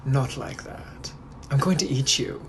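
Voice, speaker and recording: A man voicing a suave, menacing 1800s British gentleman with a British accent, who drawls and flirts in a breathy, often whispered voice for comedic POV role-play. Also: medium pitch, takes it slowly, background noise, lightly acted. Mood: teasing menace. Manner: flirtatious and softly threatening, drawling.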